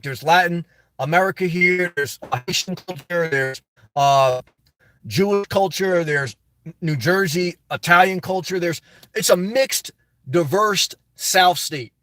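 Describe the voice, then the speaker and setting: In a clean, echo-free studio recording, a man with a high, fairly bright voice reads his livestream's viewer comments at a moderate pace. As the YouTube channel host, he riffs on them in a casual, chatty way.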